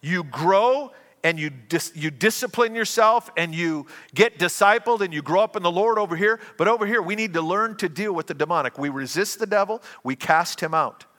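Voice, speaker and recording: A man preaching a sermon as pastor, earnest and given to quick restarts. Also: high-pitched, lively intonation, fairly bright tone, big-room sound.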